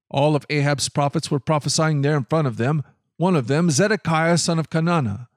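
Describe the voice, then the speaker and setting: A man narrating a scripted Bible reading with steady, clear storytelling. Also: fairly high pitch, no room sound, studio quality.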